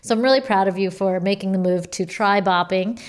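Young woman, casual chat, encouraging, mid-pitched voice. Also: a little fast.

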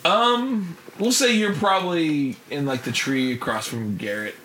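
A man narrating as game master in a casual, laughing way, with halting restarts. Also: fairly high pitch. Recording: echoey room with loud noise.

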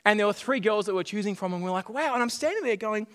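A man in middle age delivers a sermon in a fairly high voice, lively and playful, doubling back on his words as he goes. His voice rings out with a long reverb, as if he is in a large church hall. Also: fast talker. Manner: animated, jokey, repeats phrases. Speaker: pastor.

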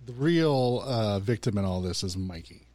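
A man's voice: fairly low pitch, expressive, normal speed, darkish tone, dry recording. A man co-hosting a livestreamed podcast, making dry, blunt remarks. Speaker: podcast co-host. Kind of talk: casual recap chat on a livestream.

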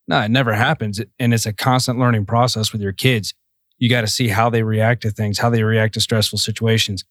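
A man's voice: lowish voice, flat delivery, brisk, no echo, clean studio sound. A man co-hosting a podcast, talking earnestly and reflectively about parenting, with some self-deprecation. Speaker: podcast co-host. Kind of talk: casual podcast chat.

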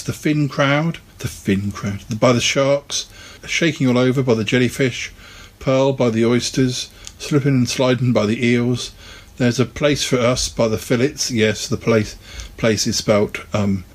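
A man casually talking through an old children's annual and reading from it, relaxed and chatty with plenty of ums and asides. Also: medium pitch. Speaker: video host reviewing a vintage annual. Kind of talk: casual rambling commentary and read-aloud.

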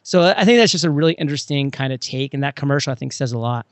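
A man talking casually on a podcast, an animated storyteller who acts out scenes with sudden jumps in pitch. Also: fast, no echo. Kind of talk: casual conversation.

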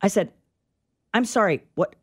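Radio co-host, woman, middle-aged, animated storyteller with an exasperated edge. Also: medium pitch, a little slow, breathy edge. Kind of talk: casual talk radio chat. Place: radio studio.

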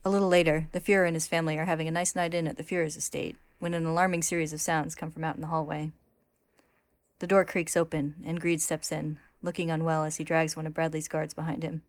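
A woman narrating a story recap in a steady, plain retelling voice. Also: low voice, quick pace, dry recording.

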